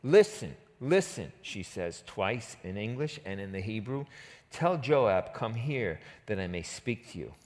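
New York man teaching scripture, lively. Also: fairly low pitch, unhurried, in a large hall. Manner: lively, acts out quotes in casual slang. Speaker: Bible teacher. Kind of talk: expository Bible teaching.

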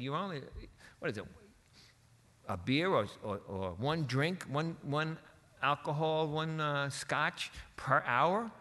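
A man preaching a sermon in a conversational, folksy way, dropping in quick voiced quotes and asides. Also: a little high, bright, forceful tone. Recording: long reverb of a large hall.

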